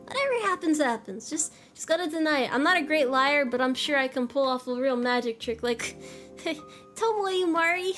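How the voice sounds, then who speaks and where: A woman's voice: high voice, brisk, a bit bright, faint music behind. A young woman streamer chatting casually with her viewers. She giggles often and trails off and restarts her sentences. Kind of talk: casual chat reading viewer messages.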